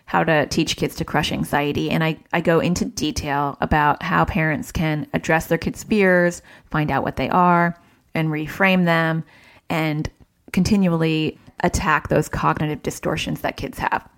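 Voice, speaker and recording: A woman in her thirties, a child therapist, giving parenting advice in a chatty, animated way. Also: low-pitched, normal speed. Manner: chatty, animated when quoting family. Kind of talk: casual advice talk.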